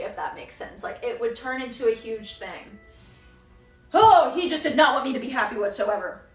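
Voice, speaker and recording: Bright, animated young woman streamer. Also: high voice, roomy sound. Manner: animated, swearing, dramatic retelling with quoted voices. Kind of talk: casual storytelling chat.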